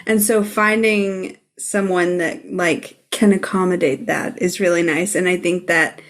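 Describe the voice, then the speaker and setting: Speaking a little slowly in a lowish voice, a woman co-hosting a podcast chats casually through a TV episode recap. She gets animated, performing the characters' quoted lines along the way.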